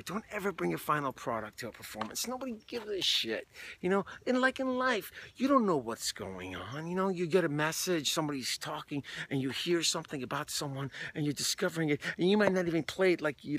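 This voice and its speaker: A man talking casually as an acting coach, animated and full of stories, sometimes dropping to a hushed voice. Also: on the high side, a little hiss or hum. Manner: casual and animated, with swearing and storytelling. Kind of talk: candid talk on acting.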